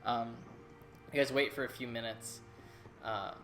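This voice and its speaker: A man narrating a tabletop fantasy game as game master, describing scenes at a relaxed pace with many fillers. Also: mid-range voice, measured pace, soft background music.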